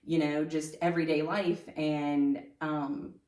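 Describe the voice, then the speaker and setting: A woman telling her personal story as a podcast guest, halting with many fillers and restarts. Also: low-pitched, level tone, warm tone, echoey room, recorded from a distance. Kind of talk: personal testimony in conversation.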